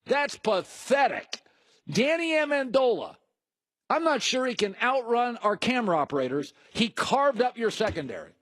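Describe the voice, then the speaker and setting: A man co-hosting a sports debate, with a fairly high voice that swings up and down a lot. He argues in a chatty, storytelling way. The sound is close and dry. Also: big pitch swings, moderate pace, fairly bright tone, dry recording.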